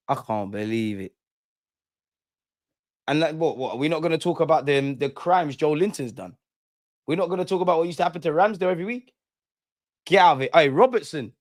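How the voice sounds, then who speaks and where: A young man hosting a live fan channel stream rants heatedly, repeating lines for emphasis. His voice runs on the high side, with clean studio sound and no echo.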